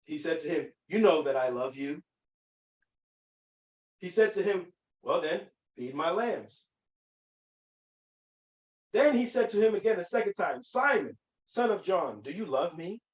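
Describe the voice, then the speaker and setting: A man's voice: sits high, expressive, unhurried, pauses often, reverberant, far from the mic, highs cut off. A man giving an emphatic Bible lesson, often restarting his sentences. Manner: emphatic, with many restarts and fillers. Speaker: Bible teacher. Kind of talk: teaching sermon.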